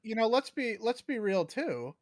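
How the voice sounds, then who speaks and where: Lively casual-talking man, dry close mic. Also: high voice, moderate pace, no room sound. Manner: animated, swears casually. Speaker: co-host. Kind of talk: casual podcast discussion.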